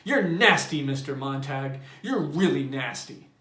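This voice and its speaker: A man's voice: mid-range voice, animated, measured pace, pushed and bright. A man voicing a prim, self-righteous woman who scolds in a raised voice. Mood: indignant. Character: shrill indignant middle-aged woman, prim. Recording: roomy echo.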